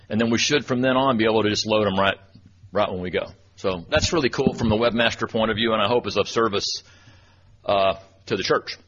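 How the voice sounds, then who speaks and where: A Texas man in his 40s, a church speaker and webmaster, tells a folksy, self-deprecating story at church and chuckles as he goes. His medium-pitched voice is a bit bright, and the recording is dull and lo-fi with faint noise.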